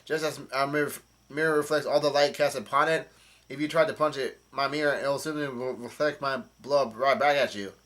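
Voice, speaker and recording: A man's voice: medium pitch, steady tone, a little fast, a bit bright, close to an everyday voice. A man reading the lines of a gloating female witch villain from a comic, in a near-plain voice with slips and restarts. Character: mirror-powered female witch villain, cackling.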